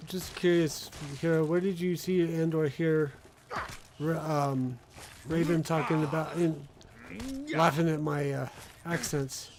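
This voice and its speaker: A man's voice: fairly high pitch, steady tone, measured pace, a little mellow, a little hiss or hum. A man hosting a gaming podcast, chatting casually with wry asides while he plays. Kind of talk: casual chat while playing a game.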